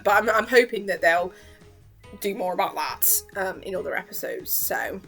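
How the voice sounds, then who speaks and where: A young woman vlogger chatting excitedly in a gushing, giggly way and acting out quotes. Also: medium pitch, normal speed, creaky, soft background music. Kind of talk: excited reaction chat.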